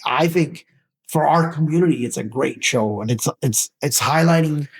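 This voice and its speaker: A man with a Canadian accent, an actor talking casually in an interview, animated and emphatic as he makes his points. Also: moderate pace, slightly rough. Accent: Canadian English. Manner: animated, emphatic, rising pitch when making a point. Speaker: actor guest.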